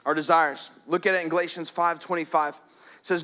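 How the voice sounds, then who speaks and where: Male pastor, bright, slightly high voice, dynamic preaching from hushed to loud. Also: little pitch movement, brisk. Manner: preaching, swings from hushed prayer to loud emphatic. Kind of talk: sermon.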